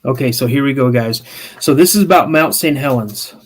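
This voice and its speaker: Animated man telling a campfire-style story. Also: medium pitch, brisk. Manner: animated, builds scenes with second-person storytelling; frequent restarts and repeated "okay?". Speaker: podcast co-host. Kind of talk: live-stream storytelling chat.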